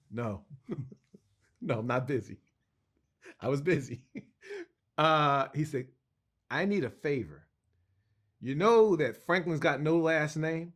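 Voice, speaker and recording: A middle-aged man tells a long personal anecdote as an interview guest. He talks in an animated way, restarting sentences and acting out the people in his story. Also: fairly high pitch. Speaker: cartoonist guest.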